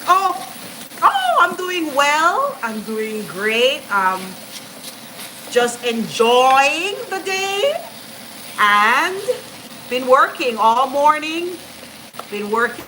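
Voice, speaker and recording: A woman hosting a live cooking stream, chatting enthusiastically with viewers as she adds ingredients in her home kitchen. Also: mid-range voice. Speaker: cooking channel host. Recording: home kitchen noise with sizzling pan. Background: frying and sizzling food.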